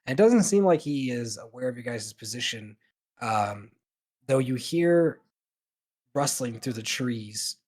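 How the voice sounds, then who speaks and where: Guy game mastering a tabletop session, relaxed and rambly, plain mid voice. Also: mid-range voice, measured pace. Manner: loose, filler-heavy narration.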